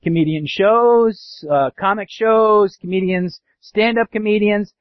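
A pastor preaching a sermon, animated, sometimes acting out sarcastic voices. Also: male voice, high voice, measured pace, dry recording. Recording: dull dry lo-fi sound.

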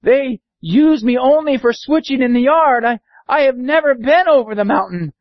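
A man voicing a small, kind and brave female train engine, in a raised gentle voice. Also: very high-pitched, normal speed, dry recording, voice pushed up. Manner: raised voice, gentle, chanting and straining. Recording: dull lo-fi recording.

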